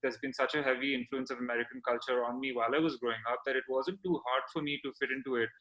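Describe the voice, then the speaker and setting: A young man from India is a guest on a podcast. His voice sounds bright and forward, and his pitch is mid-range for a man. He is reflective and measured, pausing with fillers as he works through his thoughts. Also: steady tone, poor audio. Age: young adult. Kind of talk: casual podcast chat.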